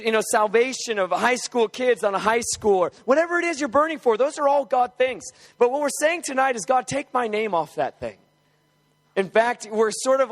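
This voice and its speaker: A young adult man preaching a sermon and leading group prayer, casual and conversational, then fervent and building to shouted exclamations. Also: high-pitched. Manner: casual, conversational with filler words. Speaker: guest preacher.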